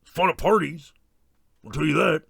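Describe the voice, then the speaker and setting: A man playing a crude, excitable masked slasher killer who rambles and swears in irritable rants during a comedy Q&A. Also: fairly high pitch, moderate pace, vocal fry, breathy edge, no echo, clean studio sound, heavily acted. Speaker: stream host in character. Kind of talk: in-character comedy Q&A.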